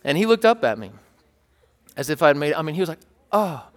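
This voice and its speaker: A man's voice: on the high side, fast, big-room sound. A man preaching a sermon, telling a story in a playful, joking way and checking in with his listeners. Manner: animated, playful, joking with the congregation. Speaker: pastor.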